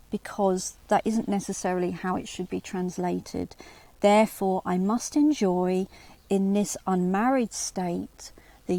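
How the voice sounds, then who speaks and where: A woman's voice: medium pitch, mellow, no room sound. A woman hosting a lecture on early medieval riddles, explaining at length with restarts and rhetorical asides, and reading verse aloud. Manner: reads quoted verse aloud. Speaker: channel host.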